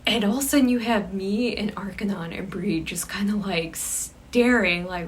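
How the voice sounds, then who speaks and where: A woman hosting a casual chat show and telling a story, shifting between lively telling and a hushed near-whisper. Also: fairly high pitch, measured pace. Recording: slightly distant mic with faint background noise.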